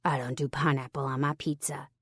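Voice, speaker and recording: A woman narrator voicing a protective, teasing grown man in an audiobook, speaking low and quietly insistent. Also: level tone, fairly quick, breathy edge, no echo, clean studio sound.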